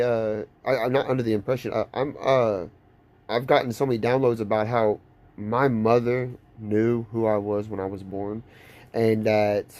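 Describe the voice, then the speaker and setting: A man's voice: medium pitch, darkish tone. A young man talking straight to camera in a casual vlog, rambling and intense, with many restarts. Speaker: vlogger.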